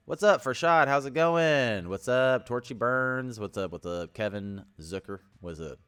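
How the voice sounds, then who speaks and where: A young man hosting a casual livestream, rambling and energetic, greeting viewers by name and sometimes yelling. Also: medium pitch, a little slow, clean tone. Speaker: livestream host.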